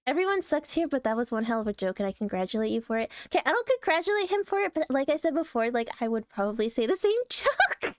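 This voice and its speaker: A woman streaming casual commentary on online posts, talking bluntly with swearing, frequent throat clearing and lots of laughter. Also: high-pitched, sing-song, quick pace, no echo, clean studio sound.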